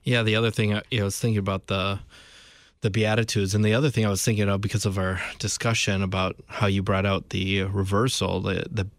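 Man, lowish voice, reflective Bible chat, lots of ums, dry sound. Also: little pitch movement, quick pace, dry recording. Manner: reflective, filler-heavy. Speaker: Bible study co-host. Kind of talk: casual Bible discussion.

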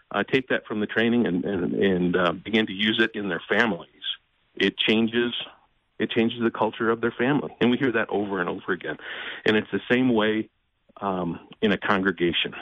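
A man speaking as a guest in an interview, earnest and measured, often pausing with fillers and restarting. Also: on the low side, dry recording, highs cut off. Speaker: ministry president, guest. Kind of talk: conversational interview.

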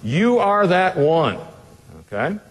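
A man's voice: sits high, sing-song, slow, long reverb tail. A man as pastor teaching a Bible passage in a conversational sermon, putting rhetorical questions to the listeners in a casual way with fillers.

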